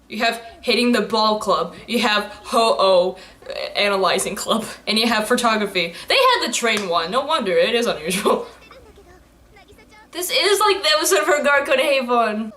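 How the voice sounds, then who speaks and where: A woman's voice: fairly high pitch, animated, moderate pace, bright, forceful tone. A young adult woman giving casual, rambling reaction commentary, laughing often and joking at what she watches. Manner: giggly, rambling, laughs often and jokes at the screen. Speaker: anime reaction YouTuber.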